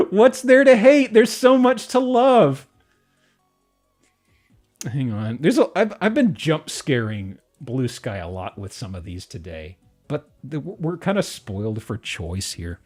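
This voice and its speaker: Giggly streamer man with a lively voice. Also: on the high side. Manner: giggly and excitable, breaks into laughs and restarts. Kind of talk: casual live-stream commentary.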